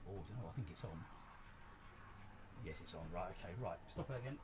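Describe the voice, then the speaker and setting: A man hosting a casual live stream from his model railway, chatty, jokey and excitable. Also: sits low, fast talker, noisy background. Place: indoors at a model railway layout.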